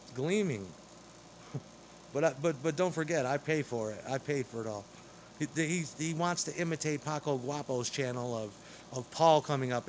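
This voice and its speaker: A man's voice: fairly high pitch, normal speed, a little hiss or hum. A man delivering an angry, rambling, profane monologue straight to camera.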